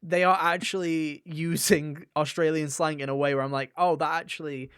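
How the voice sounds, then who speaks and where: A man's voice: fairly high pitch, fairly even intonation, moderate pace, fairly bright tone, clean tone, no echo, studio quality. A young man co-hosting a casual gaming podcast, enthusiastic and rambling, full of fillers and restarts. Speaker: podcast co-host.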